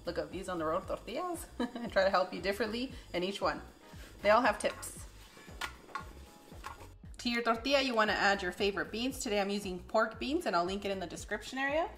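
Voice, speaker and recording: A woman's voice: medium pitch, lively intonation, fairly quick, a bit bright. Woman cooking show host, friendly, laughs a lot, walking thru recipes, some music behind. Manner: friendly, laughs often, addresses viewers as friends. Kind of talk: recipe instruction with family chat.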